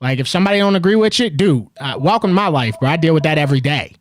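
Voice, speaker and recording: A man hosting a live sports call-in show, arguing back in an animated way that gets loud. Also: fairly high pitch, racing. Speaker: host.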